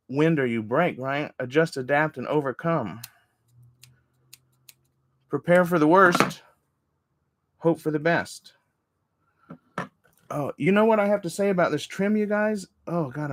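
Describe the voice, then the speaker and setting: A man in his forties chatting casually on a livestream while crafting. He rambles, swears often and greets viewers excitably. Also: medium pitch, no room sound. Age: 40s. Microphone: desk microphone.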